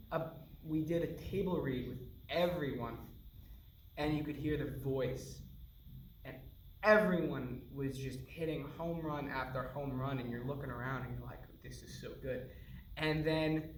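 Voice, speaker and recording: A man's voice: a little high, fairly bright tone, a little hiss or hum. A man on a panel, animatedly telling stories and laughing often at a Q&A. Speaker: actor on a panel. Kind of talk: animated storytelling at a Q&A. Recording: echoey hall from far off.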